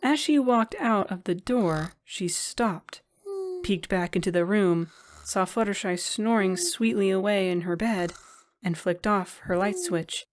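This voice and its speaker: A woman narrating a fan-fiction story in a gentle, even reading style. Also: mid-range voice, measured pace.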